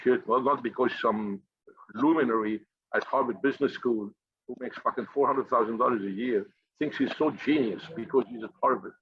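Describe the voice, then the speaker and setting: Man, husky voice, blunt profane ranting, motivational monologue, dull lo-fi sound. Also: medium pitch, moderate pace, no room sound. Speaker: finance group leader. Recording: dull, slightly lo-fi dry recording.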